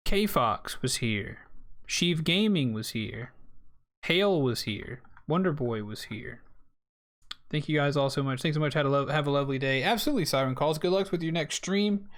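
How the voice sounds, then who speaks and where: A man's voice: a little high, animated, normal speed, a bit bright. A young man closing out his game stream, chatting casually and thanking viewers by name. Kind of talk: casual end-of-stream chat.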